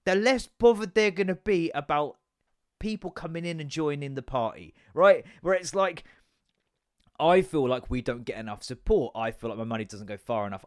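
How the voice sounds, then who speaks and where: A man's voice: on the high side, no room sound, clean studio sound. Sweary English man ranting on a podcast. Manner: animated, sweary, sarcastic. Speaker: podcast host. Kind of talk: casual ranting monologue.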